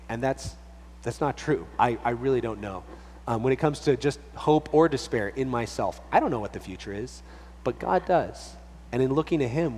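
A man, a pastor with a little boy, teaching from the Bible in a relaxed, conversational way, full of restarts and fillers. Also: mid-range voice. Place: church hall. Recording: long reverb, faint hum behind.

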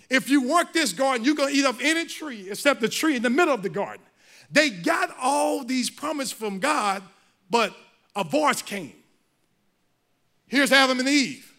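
Male pastor preaching in a sermon, high and bright, hammering points with repeated lines. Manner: emphatic preaching with repeated phrases.

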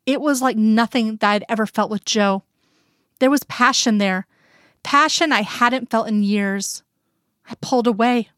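Woman, first-person story reader, earnest, intimate, higher voice, dry room. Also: a little slow, fairly bright tone, clear, resonant tone, dry recording. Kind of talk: first-person fiction reading.

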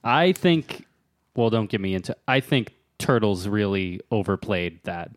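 A man's voice: lowish voice, expressive, a little slow. A man co-hosting a casual comedy podcast, going off on absurd joking rants. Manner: absurd, ranting bits. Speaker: podcast co-host.

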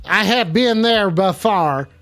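A man's voice: sits high, slow, a bit bright, soft background music. A man hosting a live call-in show in a clumsy put-on French accent, playful and rambling.

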